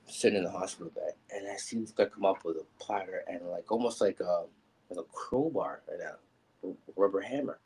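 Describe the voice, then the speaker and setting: Man, candid storyteller, husky low voice, rambles with fillers. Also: a little fast, darkish tone, rough recording. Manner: rambling and candid, many ums, acts out quoted people. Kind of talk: personal storytelling on a live show.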